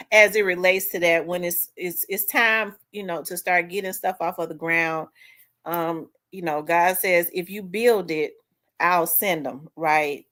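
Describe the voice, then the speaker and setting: Low-voiced woman host, emotional. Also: fairly bright tone. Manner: emotional, rambling storytelling. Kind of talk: casual chat.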